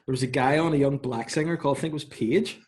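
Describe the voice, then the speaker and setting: Bloke chatting on a podcast, laughs along, mid voice. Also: male voice, medium pitch, quick pace, darkish tone. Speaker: podcast co-host. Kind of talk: casual chat.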